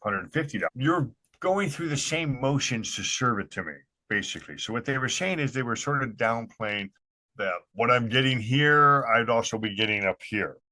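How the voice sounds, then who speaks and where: A man's voice: mid-range voice, lively intonation, normal speed, sharp tone, no echo. A man hosting a casual podcast chat, talking in a blunt, opinionated way with some swearing. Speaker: podcast host.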